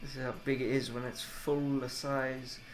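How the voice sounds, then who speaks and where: A man's voice: medium pitch, little pitch movement, normal speed, soft background music. A man reading pronunciation notes aloud and adding grumbling, casual asides about the spelling. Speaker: self-taught language learner. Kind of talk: reading aloud from a book with personal comments.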